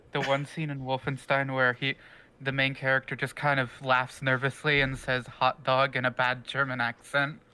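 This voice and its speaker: A man's voice: mid-range voice, monotone, moderate pace, sharp tone, slight background noise. A young man, a guest in a casual group chat, who tells chatty stories full of fillers and small laughs. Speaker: guest panelist.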